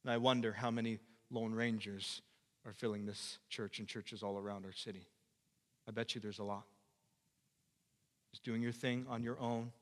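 A male pastor preaching a sermon emphatically, repeating phrases and swinging between loud and quiet. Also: lowish voice, steady tone, moderate pace, long pauses, big-room sound. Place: church.

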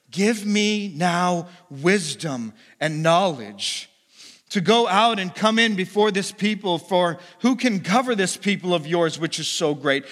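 A man preaching a sermon as pastor, telling stories and acting out the voices in them. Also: fairly bright tone. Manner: storytelling, acts out quoted voices with big pitch jumps. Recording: long hall reverb.

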